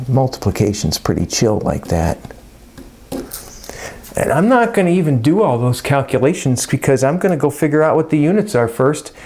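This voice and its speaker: A man's voice: medium pitch, dark tone. A middle-aged man teaching a chemistry lesson in a casual, folksy, rambling way, with jokey asides. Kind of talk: casual lecture.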